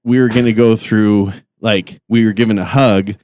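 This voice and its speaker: A man's voice: on the low side, fairly even intonation, normal speed, darkish tone, a little hiss or hum. A man from Utah with kids, telling an embarrassing story in a casual podcast chat, laughing and self-deprecating. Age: adult with kids. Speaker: podcast co-host.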